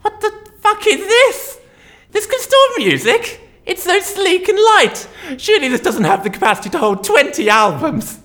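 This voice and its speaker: A woman's voice: medium pitch, sing-song, fast, fairly bright tone. A woman playing a pompous, theatrical, reclusive inventor in a comedy sketch. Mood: astonished.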